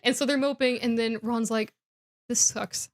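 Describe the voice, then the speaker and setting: A woman co-hosting a comedy podcast, rambling through a story recap and voicing the characters in quick asides. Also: fairly high pitch, steady tone. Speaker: podcast co-host.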